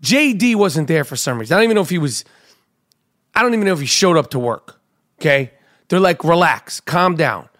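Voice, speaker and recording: A middle-aged man from a radio show telling a frantic, profanity-laced story and acting out his own panicked shouts. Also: a little high, very animated, fast talker, pauses often. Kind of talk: animated storytelling rant. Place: New York.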